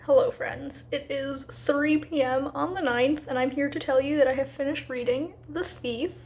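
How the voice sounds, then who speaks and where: A woman talking casually in a reading vlog, chatty and a little rushed, with lots of fillers. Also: high-pitched, steady tone, a little mellow, faint music behind. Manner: quick, slightly rushed asides. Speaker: book vlogger.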